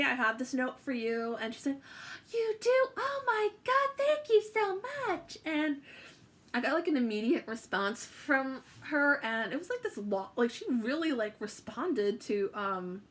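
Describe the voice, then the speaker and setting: A woman's voice: on the high side, measured pace, a bit bright. A young woman telling a personal story to camera, chatty and emotional, with many fillers and restarts. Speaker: vlogger.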